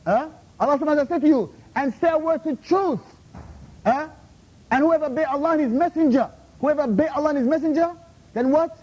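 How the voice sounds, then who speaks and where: Man, very high voice, rapid-fire scolding rebuttal at a university talk; muffled recording. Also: a little mellow. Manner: confrontational, repeatedly demands "Huh? How?"; scolding, drops Arabic terms into English. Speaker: invited Islamic speaker. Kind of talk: heated Q&A rebuttal. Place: university lecture room.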